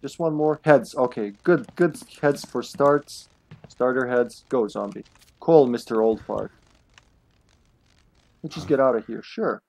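A man live-streaming a video game, chatting casually, laughing often and greeting viewers loudly by name. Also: mid-range voice, a little slow, gravelly, long pauses.

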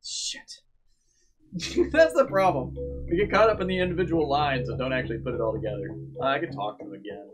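A man's voice: on the high side, wildly swooping pitch, fairly quick, faint music behind. A man hosting a casual let's play, joking, laughing often and reading game lines aloud. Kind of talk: casual gameplay commentary.

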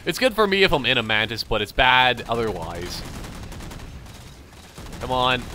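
A young adult man with a light Canadian accent rambles chattily over his own gameplay, thinking aloud. His mid-range voice is very animated and sharp, unhurried with frequent pauses, over a slight hiss or hum.

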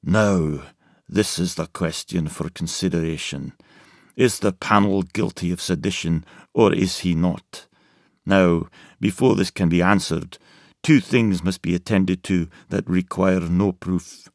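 A man reading as a gruff, stern old judge. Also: sits low, a little slow, dry recording, clean studio sound. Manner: gruff, declaiming. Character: stern old male Scottish judge, blunt and harsh.

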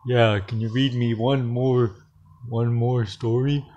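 A man voicing a meek, sleepy male toy creature who talks slowly and apologetically. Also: fairly even intonation, dark tone, highs cut off, a little hiss or hum, natural voice. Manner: slow, low and apologetic.

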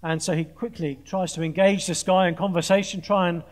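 Earnest high-voiced male preacher. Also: steady tone. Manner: earnest, with pointed emphasis and quick restarts; dry humour. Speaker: conference speaker preaching. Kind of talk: sermon to a student audience. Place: large conference hall with an audience.

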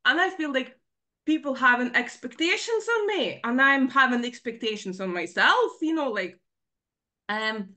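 A woman in her forties speaking on a video call, telling a personal story in an earnest, emotionally raw way, halting and full of "you know, like" fillers. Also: high voice, lively intonation, bright, forceful tone. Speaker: participant asking in a live Q&A.

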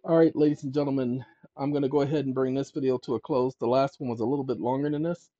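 A man's voice: medium pitch, fairly even intonation, fast, no echo. A man hosting a channel, explaining legal procedure to viewers in an emphatic, conversational way and thinking aloud as he looks through documents. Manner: emphatic, addresses viewers as ladies and gentlemen. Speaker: channel host. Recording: dull lo-fi dry recording.

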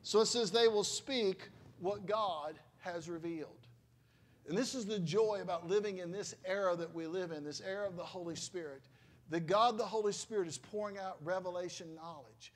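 A middle-aged man, a pastor, preaches a sermon in a high voice at a moderate pace. He tells stories in a conversational, emotional way, punctuated by exclamations.

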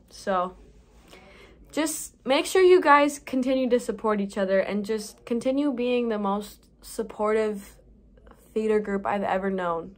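A young woman in her late teens, a graduating theater student, giving a rambling, emotional farewell vlog message. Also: mid-range voice.

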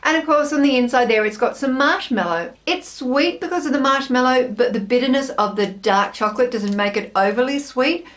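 A woman's voice: high-pitched, a little fast, hardly any pauses, fairly bright tone. An Australian woman hosting a snack taste-test vlog, chatting to camera in a bubbly, self-mocking way. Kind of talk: casual chat to camera.

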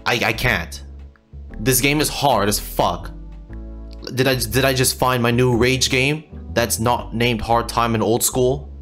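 A man's voice: mid-range voice, steady tone, measured pace, a bit bright. Guy raging at a baseball video game, cussing nonstop, stuttering over his words, game music playing underneath. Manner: frustrated, swearing, repeating himself. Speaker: gamer. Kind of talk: let's play commentary.

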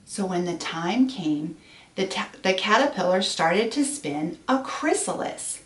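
A woman teacher reading a picture book aloud to children, pausing to ask them gentle questions. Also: lowish voice, animated. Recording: echoey room, far from mic.

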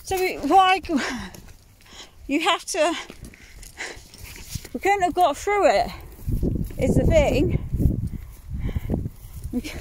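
A woman's voice: very high-pitched, very animated, takes it slowly, pauses often, noisy background. A woman chatting casually outdoors in the fields, grumbling and swearing freely as she walks. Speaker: mother vlogging a countryside walk. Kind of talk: casual outdoor vlog chat.

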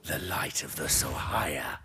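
An actor playing a grave, possessed male warrior in a video game, speaking slowly and solemnly. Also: rumbling low, animated, sharp tone, full character voice. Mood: menacing. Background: game music.

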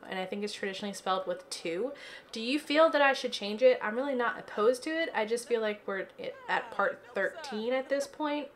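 A woman's voice: medium pitch, a bit bright, slight background noise. A woman chatting casually through gameplay commentary from her home office, giggly and filling her talk with "like" and "um". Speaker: let's play gamer.

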